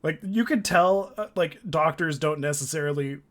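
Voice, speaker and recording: A man's voice: on the high side, normal speed, fairly bright tone. A young man from Canada chats on his podcast in a slightly raised voice. He jokes constantly, breaks into laughter, and slips into goofy voices for imagined people. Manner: jokey, laughs often, acts out silly quoted voices. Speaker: podcast host. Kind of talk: casual podcast chat.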